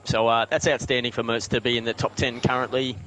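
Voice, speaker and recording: A man giving steady, informative sim racing co-commentary. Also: medium pitch, fast, background noise. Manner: steady, informative, with filler ums.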